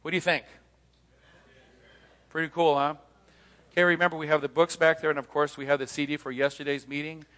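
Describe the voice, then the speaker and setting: A middle-aged man, his voice a touch higher than most, addresses an audience in a live talk. He tells stories by acting out each side of a conversation and keeps asking rhetorical questions. His voice rings with the long reverb of a meeting hall. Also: flat delivery, a little fast, long pauses, a bit bright. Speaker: speaker on leaving cults, former pastor.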